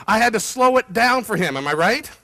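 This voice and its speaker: Bright, high-energy keynote speaker man. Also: vocal fry. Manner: energetic, fast, quizzes the audience. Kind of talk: motivational keynote talk. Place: conference room with audience.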